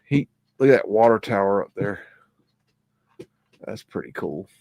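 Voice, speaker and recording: A man's voice: on the low side, lively intonation, unhurried, dry recording, muffled recording. Rambling man, dry close mic. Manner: rambling, scolds his dog in a rough drawl. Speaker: host of a live stream. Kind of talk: casual live commentary over old photos.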